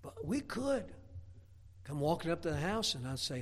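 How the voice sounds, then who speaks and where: A man's voice: a little high, sing-song, moderate pace. A man preaching a sermon, telling homely stories with humor, repeating words as he builds to emphatic, rising points. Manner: folksy, humorous storytelling with rising emphatic bursts. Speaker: pastor.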